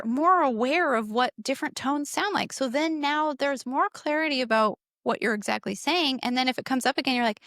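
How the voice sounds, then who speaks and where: A woman's voice: sits high, expressive, normal speed, hardly any pauses, fairly bright tone, no echo, studio quality. A middle-aged woman co-hosting a podcast, explaining parenting ideas earnestly in casual conversation. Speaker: podcast co-host.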